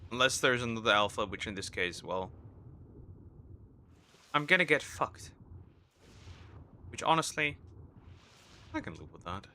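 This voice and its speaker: Streamer type: young man, very bright tense tone, rambling gameplay chatter to himself. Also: on the low side, very animated, measured pace, long pauses. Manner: rambling, talks to himself while playing. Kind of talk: casual gameplay commentary.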